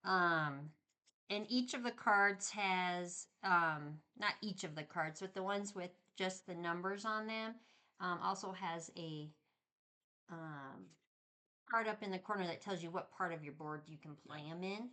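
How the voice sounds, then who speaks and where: Bright-voiced woman, hesitant review chat. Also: lowish voice, measured pace. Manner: hesitant, lots of ums, self-correcting. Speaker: board game reviewer.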